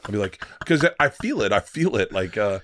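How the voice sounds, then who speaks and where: A man's voice: fairly low pitch, normal speed, slight background noise. A comedian in his fifties chatting as a podcast guest, swearing freely and acting out quotes while he tells stories. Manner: profane, animated storyteller acting out quotes. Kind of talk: casual podcast chat.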